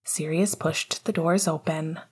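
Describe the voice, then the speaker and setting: A woman narrates a story in a calm, measured way. Her voice is low-pitched and breathy, with a husky softness. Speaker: audiobook narrator. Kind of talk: reading fan fiction aloud.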